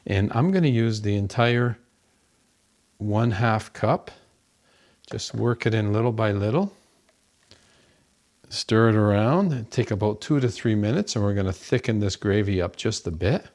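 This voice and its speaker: A man's voice: lowish voice, expressive, measured pace, long pauses, a little mellow. A man hosting a home cooking show from his kitchen, gushing over the food and talking to viewers as folks.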